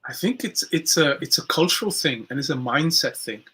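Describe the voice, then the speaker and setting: A man's voice: fairly high pitch, expressive, fairly quick, pushed and bright, breathy edge. A man co-hosting a podcast discussion, reflecting thoughtfully with hesitant fillers. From United Kingdom. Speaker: podcast co-host.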